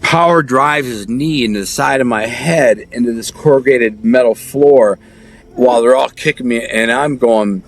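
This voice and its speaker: A man's voice: mid-range voice, fairly quick. A middle-aged man telling his life story in a casual, vivid way, acting out quotes with street slang.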